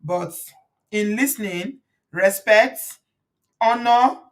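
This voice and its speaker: A woman with a Nigerian accent hosts a casual livestream, chatty and preachy, frequently breaking into laughter. Her voice is medium-pitched and slow, and she sits a bit far from the mic.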